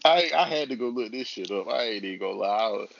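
A man's voice: lowish voice, lively intonation, fast, vocal fry, fairly bright tone, lo-fi sound. A man co-hosting a casual wrestling podcast, blunt, slangy and emphatic. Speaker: podcast co-host.

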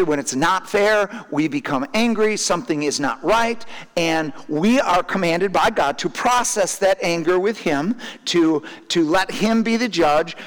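A man's voice: high voice, in a large hall. A man preaching a sermon, often restarting and repeating his words as he explains a passage. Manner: halting, repeats words, laughs now and then.

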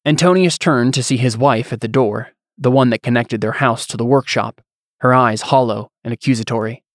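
A man reading fantasy fiction as narrator, in a measured storyteller's way. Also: medium pitch, no room sound, studio quality.

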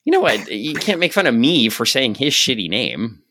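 A man co-hosting a podcast about comic books, talking casually, sarcastic and quick to laugh. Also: mid-range voice, sing-song, bright, forceful tone, no echo. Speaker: podcast co-host. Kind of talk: casual comic book chat.

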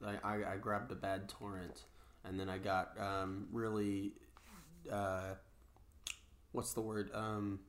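A man's voice: lowish voice, flat delivery, slow pace, pauses often, slight background noise. Slangy young man in casual chat. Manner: loose, slangy, swears, laughs easily. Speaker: podcast co-host.

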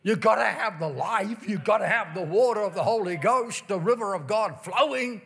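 High-voiced emphatic male preacher. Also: creaky, a bit bright. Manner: emphatic, drawn-out emphasis on key words. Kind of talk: sermon. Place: church during revival meeting.

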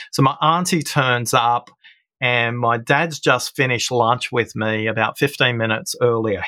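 A man's voice: mid-range voice, bright, forceful tone, dry recording, studio quality. A middle-aged man, a guest in an interview, explaining ideas and telling personal stories in an engaged, storytelling way. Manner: storytelling, explanatory, acts out quoted voices. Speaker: guest, listening expert. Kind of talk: conversational interview.

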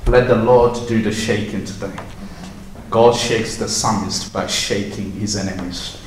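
A man preaching a sermon, swinging between impassioned proclaiming and quiet reflection. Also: lowish voice, fairly even intonation, unhurried, a little hiss or hum. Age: adult with a young son. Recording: echoey hall from far off, faint ambience.

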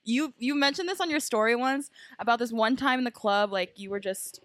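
A young woman hosting a casual podcast, excitable and goofy, laughing a lot. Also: fairly high pitch, fairly quick, dry recording, studio quality. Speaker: podcast host.

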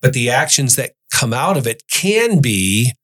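A man's voice: medium pitch, sing-song, a little slow, fairly bright tone. Male podcast host with a mid-range voice, earnest, reads scripture aloud. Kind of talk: Bible study discussion.

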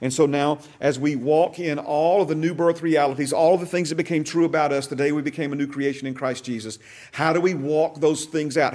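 A man's voice: fairly high pitch, darkish tone. A man teaching a discipleship class, reading scripture aloud and stressing key phrases with emphatic repetition. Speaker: bible teacher.

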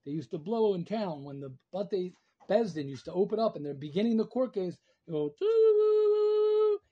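A man teaching a Torah class to alumni over a video call, emphatic and repetitive, pleading as he rises in pitch and volume. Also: lively intonation, fairly quick, breathy edge. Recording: dull lo-fi call audio.

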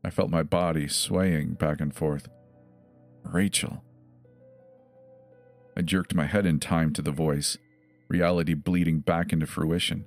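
A man telling a horror story in a measured, grave first-person narration. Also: very deep voice, steady tone, creaky, a little mellow. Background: faint music.

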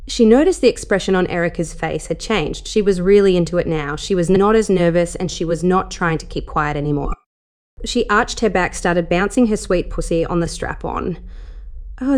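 A woman narrating an adult story in a soft, steady reading voice as the channel host. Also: fairly low pitch.

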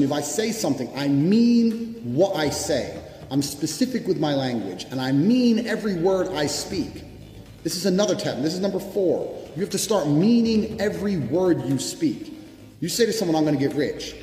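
A man's voice: high voice, expressive, brisk, warm tone. A man giving a blunt, profane, emphatic motivational speech. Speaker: motivational speaker. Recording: echoey hall reverb with background music.

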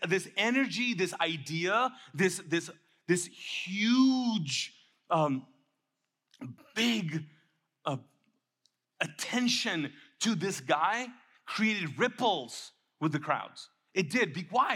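Bright-voiced animated male preacher. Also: sits high. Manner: animated, acts out quotes, drops to soft intimate tone. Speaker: pastor. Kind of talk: sermon. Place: church.

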